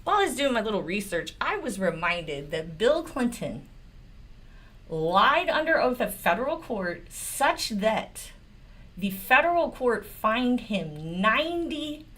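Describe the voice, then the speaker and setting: Speaking slowly with wide pitch swings, this woman's fairly high, somewhat bright voice drives a profane political rant. She's a lawyer hosting her own channel, openly exasperated and sarcastic as she bluntly ridicules the people she discusses, cursing frequently.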